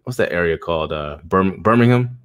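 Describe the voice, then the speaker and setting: A man chatting as a guest on a livestream, animated and joking, often tossing in the word "man.". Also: deep voice, fairly quick, smooth. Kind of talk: casual chat on a livestream.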